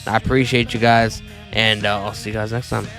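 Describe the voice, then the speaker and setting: A man's voice: fairly low pitch, level tone, fairly quick, fairly bright tone, faint music behind. A man hosting a wrestling reaction video in a slangy, casual way, talking straight to his viewers. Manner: slangy, talks to viewers directly. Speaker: host reacting to wrestling clips.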